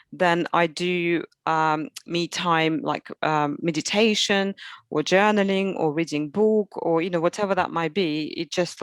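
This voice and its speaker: A woman's voice: on the low side, no echo. Chatty woman telling stories, dry sound. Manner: chatty, many fillers, animated anecdotes. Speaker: guest. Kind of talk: casual interview storytelling.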